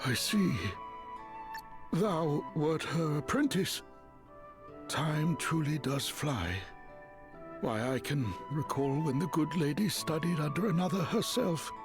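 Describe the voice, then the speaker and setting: An actor playing a wounded old knight who speaks in courtly, archaic English. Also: male voice, a little high, lively intonation, takes it slowly, long pauses. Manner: archaic formal speech. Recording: game audio under music.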